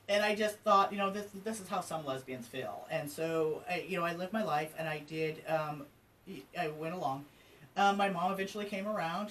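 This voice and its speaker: A man nearing fifty from Colorado shares his life story as an interview guest, relaxed and conversational with many fillers. His voice sits a bit high for a man. He is picked up from a little off the microphone, over a faint hum of background ambience. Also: recorded from a distance, low-quality recording. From Colorado, USA. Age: almost 50. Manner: open and conversational, many ums and asides. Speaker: interview guest, trans advocate. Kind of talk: candid personal storytelling. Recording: from slightly off mic with faint ambient noise.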